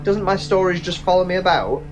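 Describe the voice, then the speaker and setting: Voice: mid-range voice, brisk, over music. A let's play host giving casual, jokey gameplay commentary with lots of swearing. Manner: animated, swearing, joking asides.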